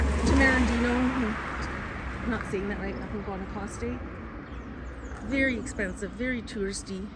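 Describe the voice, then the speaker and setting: A middle-aged woman from Canada, chatting in a rambling way with many fillers while walking outdoors and filming on a handheld phone. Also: medium pitch. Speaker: vlogger. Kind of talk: casual chat while walking. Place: outdoors on a neighborhood road. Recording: loud outdoor background noise.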